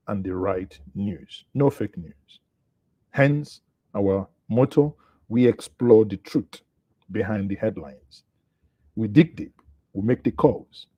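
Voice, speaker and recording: A man's voice: on the low side, mellow, no room sound. A Nigerian man hosting a live online news show, chatting with viewers and commenting on the headlines. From Southeast Nigeria. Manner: chatty, greets viewers, thinks aloud. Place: studio.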